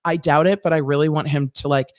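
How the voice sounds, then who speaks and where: An American woman, a former trial lawyer, hosting a live-stream and chatting through viewer comments with quick asides. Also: deep voice, steady tone, no room sound, clean studio sound. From United States.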